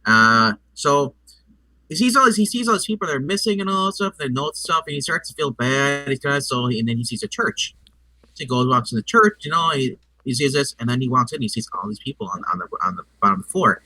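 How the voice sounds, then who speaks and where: A man co-hosting a casual movie review, talking in a halting, stammering way and acting out scenes as he retells them. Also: mid-range voice, lively intonation, bright, forceful tone, no echo, recorded from a distance, low-quality recording.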